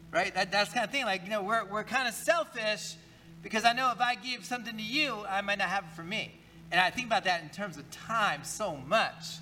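A man's voice: high-pitched, fairly quick, pushed and bright, rough recording. A male pastor preaching a conversational sermon in church, talking casually, often repeating words and asking the congregation questions.

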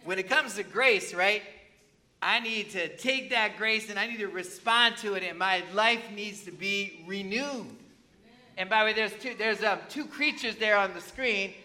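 A pastor preaching a conversational sermon in church, often asking the congregation questions. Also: male voice, high voice, a little slow, sharp tone. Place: church with slides on a screen.

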